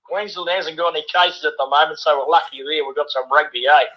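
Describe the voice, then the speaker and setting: Bright-voiced older man rambling about rugby. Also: on the high side, steady tone, fast talker, highs cut off. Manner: chatty, peppers every line with "bloody" and "eh?". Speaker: caller sending a voice message. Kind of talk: rambling rugby opinion message.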